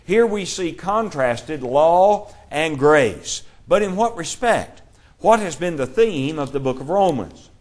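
A man teaching a Bible class, explaining scripture in a measured way and reading verses aloud. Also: fairly high pitch, lively intonation.

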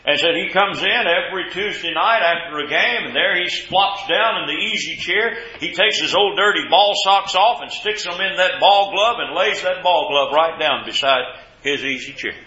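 A man preaching a sermon with folksy stories, repeating words and swinging between loud and hushed delivery. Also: high-pitched, normal speed, few pauses. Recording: echoey hall, dull lo-fi sound.

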